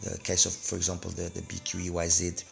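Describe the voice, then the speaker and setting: A man with a hoarse voice from a throat infection and cold, reviewing earphones in a rambling, casual way with many fillers and restarts. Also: low-pitched, completely flat delivery, quick pace, fairly bright tone.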